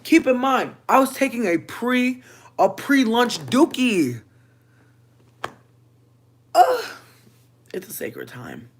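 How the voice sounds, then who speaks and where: A female vlogger launches into a funny storytime rant, lively and foul-mouthed, jumping from loud outbursts to quiet grumbling. Her voice is husky, and she talks slowly with frequent pauses.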